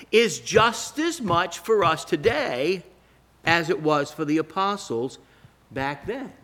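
Middle-aged male pastor, high bright voice, preaches with emphatic pauses. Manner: emphatic, slowing down on key phrases. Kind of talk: sermon with scripture reading.

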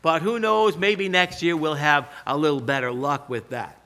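An older man preaching a sermon, telling stories with emphatic, animated delivery. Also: a little high, normal speed. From Pacific Northwest US. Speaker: pastor.

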